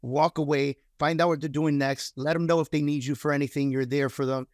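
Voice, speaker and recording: A man's voice: fairly high pitch, fairly even intonation, fairly quick, dry recording, studio quality. A man who is a guest on a real estate podcast, giving direct, coaching-style advice in a casual chat.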